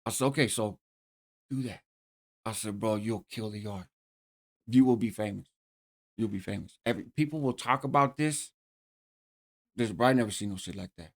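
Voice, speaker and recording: A man's voice: lowish voice, normal speed, pauses often. A middle-aged man casually telling a story in streetwise slang, often checking in with "right?". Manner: streetwise slang, frequent "right?" tag questions. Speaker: host telling a prison story.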